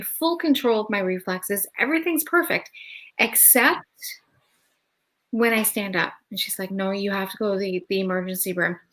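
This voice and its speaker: A woman hosting a live talk show, telling her own story in a casual, chatty voice. She acts out the back-and-forth as she goes and fills the gaps with "like." Her pitch sits right in the middle for a woman. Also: a bit bright, poor audio. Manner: chatty, retells dialogue with many "like"s.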